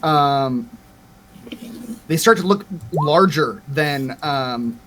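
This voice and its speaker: Higher-voiced man narrating a tabletop game. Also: drawn-out words, fairly bright tone, slight background noise. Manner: hesitant, with frequent fillers. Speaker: game master.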